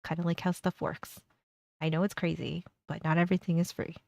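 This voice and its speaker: Gravelly woman streamer, sarcastic asides. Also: on the low side, little pitch movement, a little fast, a little mellow, no room sound. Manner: blunt, sarcastic, laughs often. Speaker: streamer reacting to videos. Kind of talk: casual reaction commentary.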